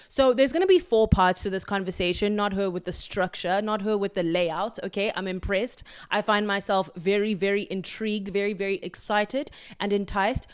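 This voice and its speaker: A woman's voice: mid-range voice, clear, resonant tone. A woman hosting her own podcast, talking solo in an effusive, affirming and playful way. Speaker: podcast host.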